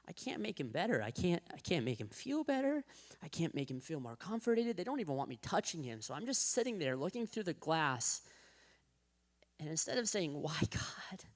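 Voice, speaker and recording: A man in his thirties giving a personal testimony at a church men's breakfast, talking conversationally with lots of "like" fillers and restarts, and acting out the voices of people in his story. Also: fairly high pitch. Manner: acts out quoted voices of his wife and the doctor.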